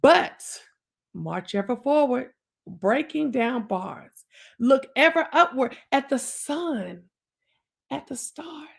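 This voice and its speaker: A proud, wise Black mother speaking to her children, as a woman recites her, slow and solemn, at times falling to a hush. The voice has a gravelly fry at the bottom and rises a little above her usual pitch. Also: expressive, exaggerated voice. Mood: solemn, uplifting. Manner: slow, solemn delivery dropping to whispers. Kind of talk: dramatic poetry recitation.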